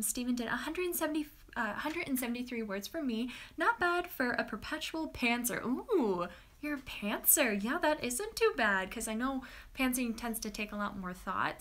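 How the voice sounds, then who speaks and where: A young woman hosting a writing-sprint livestream, chatting casually and excitedly with viewers and talking to her dog. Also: fairly high pitch. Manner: bubbly and chatty, coos softly to her dog.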